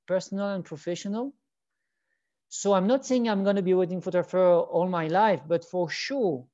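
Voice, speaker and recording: A mellow, fairly high male voice with no room echo comes through dull, lo-fi audio. He's a Frenchman in his forties, a wedding photographer appearing as a guest in a casual interview. He chats and tells stories enthusiastically, rambling and restarting often.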